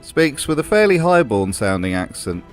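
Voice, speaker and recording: A man's voice: medium pitch, big pitch swings, moderate pace, faint music behind. A man hosting a comedic commentary video, with a dry, sardonic delivery. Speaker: host.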